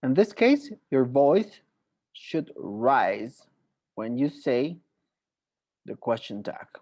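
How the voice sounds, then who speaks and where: A man teaching an online English grammar lesson, explaining slowly and carefully and saying example sentences aloud. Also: medium pitch, very animated, dark tone. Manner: slow, deliberate explaining with spoken examples.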